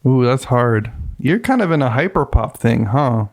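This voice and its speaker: A man's voice: medium pitch, expressive, moderate pace, a little mellow. Joking, laughing male podcast host. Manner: joking banter with frequent laughter. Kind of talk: casual chat.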